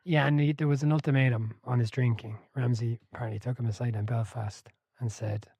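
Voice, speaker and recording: A man's voice: medium pitch, brisk, husky, dry recording. A man co-hosting a casual chat about a football book, telling stories with laughter and the odd swear word. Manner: animated storyteller, swears, laughs mid-sentence. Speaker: podcast co-host.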